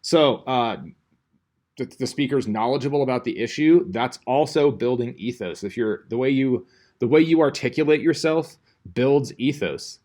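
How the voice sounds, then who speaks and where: A man's voice: medium pitch, moderate pace. A male teacher giving a casual classroom lecture, rambling and conversational, full of fillers and restarts.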